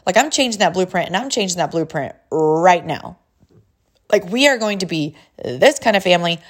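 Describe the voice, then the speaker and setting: Animated woman coach telling a story. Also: fairly low pitch, normal speed. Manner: energetic storytelling, often laughing. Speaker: life coach. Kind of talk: motivational talk to camera.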